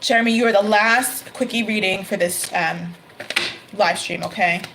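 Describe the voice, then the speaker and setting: A woman's voice: mid-range voice, moderate pace, creaky, noisy background. A woman hosting a live-stream tarot reading, talking casually to viewers by name and laughing often.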